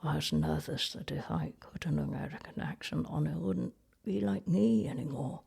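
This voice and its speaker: A woman's voice: sits low, moderate pace, vocal fry, darkish tone, slightly rough, heavily acted. A woman voicing a cheeky, rude male monkey puppet, blunt and mocking in a ventriloquist comedy routine. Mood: sheepish.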